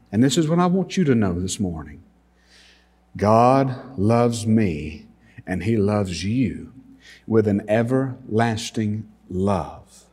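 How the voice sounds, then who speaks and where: A man preaching a sermon as pastor, slow and emphatic, pausing often and swelling in volume on key words. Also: on the low side, mellow. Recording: long hall reverb.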